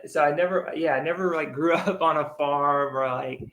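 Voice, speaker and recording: A man from Texas, a guest in a casual interview chat over a video call, talking in a hesitant, halting way. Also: fairly high pitch, a bit bright, reverberant, slight background noise, poor audio. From Texas, USA.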